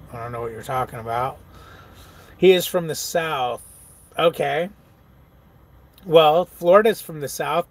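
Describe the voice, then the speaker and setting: On a casual live stream, a truck driver with a gravelly, mid-range male voice reads viewers' comments aloud and replies. He swears without restraint and laughs frequently.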